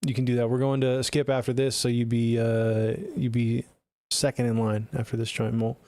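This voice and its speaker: A man's voice: medium pitch, flat delivery, moderate pace, a little mellow, no room sound. A man streaming live, giving blunt, profane, chatty feedback on listeners' songs into a close studio mic. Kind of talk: casual live-stream critique.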